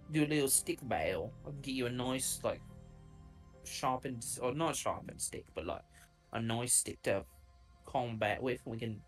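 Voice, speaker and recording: A man's voice: mid-range voice, fairly bright tone. Easygoing man rambling in character. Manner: easygoing, rambling, filler-heavy. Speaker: player. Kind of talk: in-character tabletop role-play.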